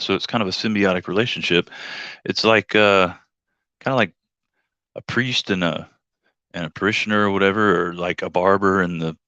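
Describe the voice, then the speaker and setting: A low-voiced man rambles through a story on his livestream, cracking jokes and acting out the people he quotes. The sound is dry and a little dull, like a desk mic in a small home setup. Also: pushed and bright, no echo. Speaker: livestream host and rideshare driver.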